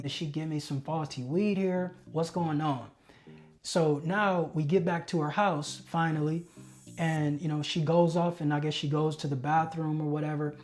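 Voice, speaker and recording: A man recounting a personal experience in candid storytelling, earnest and self-deprecating, sometimes halting and restarting as he recalls tense moments. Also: on the high side. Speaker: testimony speaker.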